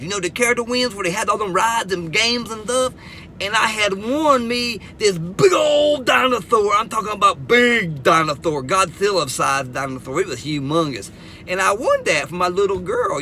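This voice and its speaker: With Southern US phrasing and a high, bright voice, a middle-aged man animatedly tells a humorous story about himself. He bounces around in pitch, repeats words and laughs at his own jokes; faint hiss sits under the audio.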